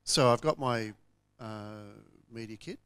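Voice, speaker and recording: A man's voice: medium pitch, a little slow, fairly bright tone, clean tone, dry recording. Hesitant man asking questions. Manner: hesitant, searching for words. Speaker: workshop participant. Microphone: handheld microphone.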